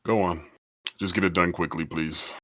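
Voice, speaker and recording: A man playing his character in a tabletop game, speaking low, calm and quiet. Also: moderate pace. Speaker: player.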